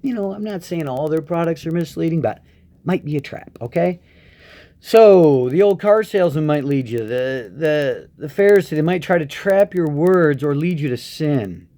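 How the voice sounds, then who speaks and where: A man giving Christian advice in a casual, preachy monologue, animated and acting out voices. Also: fairly high pitch, normal speed.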